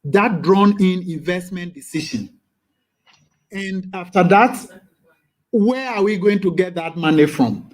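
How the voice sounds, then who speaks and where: A man's voice: high voice, slow pace. A man advising students in an emphatic way, repeating phrases and stammering on fillers. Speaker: presenter. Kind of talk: advisory talk.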